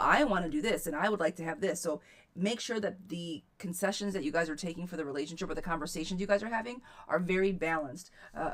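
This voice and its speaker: A woman hosting a live tarot reading stream, chatting casually and encouraging her viewers, recorded on a webcam mic at home. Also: deep voice. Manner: chatty and encouraging, addresses viewers as girl and sweetheart.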